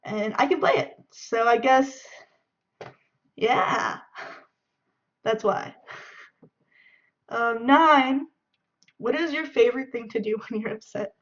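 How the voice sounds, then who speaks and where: A woman's voice: on the high side, slow pace, pauses often. A young woman from the Bay Area of California, chatting and giggling as she answers questions in a casual video. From San Francisco Bay Area, California. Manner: chatty and giggly, acts out friends' shouting. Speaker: vlogger. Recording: dull lo-fi sound.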